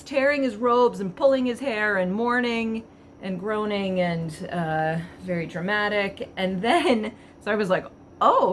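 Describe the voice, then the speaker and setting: A woman casually reading passages aloud and commenting on them with wry amusement, thinking out loud with fillers. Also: medium pitch, slight background noise. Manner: wry, chatty, laughs at the text. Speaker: vlogger.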